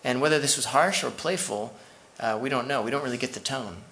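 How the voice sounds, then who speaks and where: A man's voice: mid-range voice, brisk, sharp tone, a little hiss or hum. A man preaching a sermon as pastor, conversational and full of asides to the congregation.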